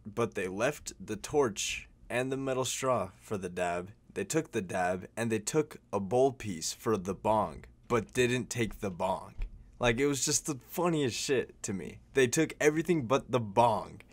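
A young man telling a story in a casual vlog, rambling and slangy, full of "like" and "bro", swearing freely. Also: mid-range voice.

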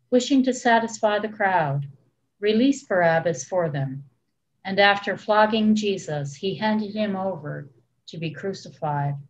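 A woman church leader giving a solemn, measured scripture reading. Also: mid-range voice. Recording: dull lo-fi recording.

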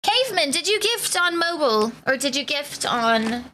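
A woman's voice: high-pitched, sing-song, moderate pace, bright, forceful tone, slight background noise. A woman streamer chatting casually with her live viewers, greeting them by name in playful slang. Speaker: Twitch streamer.

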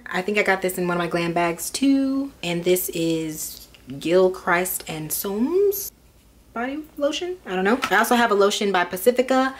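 A woman's voice: lowish voice, slight background noise. A young woman vlogging casually, rambling and chatty with lots of fillers as she goes through things. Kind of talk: casual chat.

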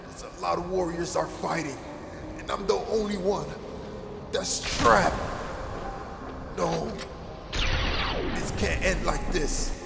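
A man hams up his own gameplay like a tense movie scene, urging himself on and lurching from hushed dread to sudden shouts. His voice sits a bit high with a gravelly fry. The room rings around him and music plays loudly underneath. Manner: over-the-top dramatic self pep talk, swinging from hushed to shouting. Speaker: gaming YouTuber. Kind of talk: melodramatic gameplay skit. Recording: roomy sound with music behind.

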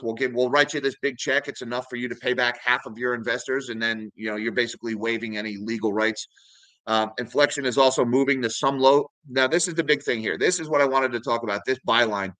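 A man's voice: medium pitch, pushed and bright, dry recording, rough recording. A man hosting a finance video, casually talking viewers through charts and news articles and calling them guys. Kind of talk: casual market commentary.

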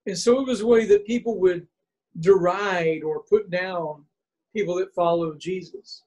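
A man preaching a sermon as a bishop, building his points through chains of repeated rhetorical questions and slow, stressed phrases. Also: high voice, fairly even intonation, warm tone, poor audio. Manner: emphatic pulpit delivery with slow stressed phrases.

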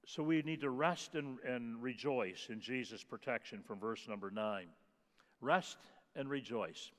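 A man's voice: medium pitch, fairly even intonation, normal speed, long reverb tail. A man preaching a sermon as pastor, emphatic, repeating key phrases and stressing single words for weight. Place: church sanctuary.

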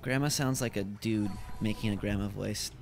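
A man's voice: on the low side, moderate pace. A man casually commenting on a video game as he plays, thinking aloud about each move. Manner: chatty, thinking aloud while playing. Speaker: gameplay commentator.

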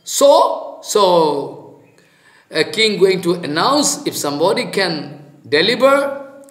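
A spiritual teacher preaches in halting, animated but unhurried. His voice sits high and moves slowly. The sound rings in a roomy, echoing space. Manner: slow, halting, animated storytelling with chanted Sanskrit verses. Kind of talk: devotional sermon with storytelling. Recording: roomy echo.

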